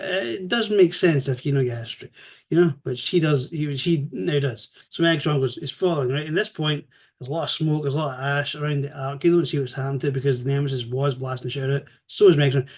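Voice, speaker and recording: A man giving a casual spoken review, animated and chatty, swearing freely as he retells the story. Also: a little high.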